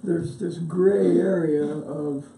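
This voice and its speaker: Man, board chair, gravelly, slightly high voice, halting, distant echoey room. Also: steady tone, mellow. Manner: halting, searching for words. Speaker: board chair running a county meeting. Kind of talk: meeting chairing. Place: county meeting room. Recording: echoey room from far off, faint hiss.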